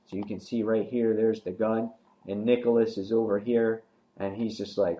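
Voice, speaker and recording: A man's voice: fairly low pitch, flat delivery, moderate pace, warm tone, muffled recording. A man talks through a comic book in a loose, casual review. He rambles along, filling gaps with fillers and restarting his sentences as he goes.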